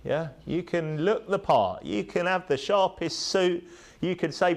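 Man, preaching, rising emphatic peaks, low tag questions. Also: expressive, moderate pace. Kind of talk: sermon.

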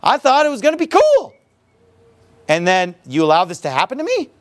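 A man's voice: very high-pitched, wildly swooping pitch, a little fast, slight background noise, voice pushed up, full character voice. A man voicing an anguished, exasperated male prophet, with raised, pleading outbursts as part of a sermon.

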